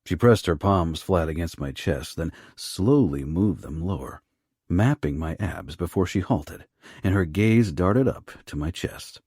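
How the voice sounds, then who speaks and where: Very deep, husky male narrator. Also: expressive, a little slow, no echo, studio quality. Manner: low, rough, hushed delivery. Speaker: audiobook narrator. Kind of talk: first-person romance audiobook narration.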